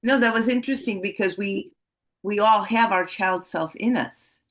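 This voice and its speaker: A woman's voice: mid-range voice, moderate pace. A woman hosting an interview, encouraging her guest with short affirmations. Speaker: host. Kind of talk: interview host.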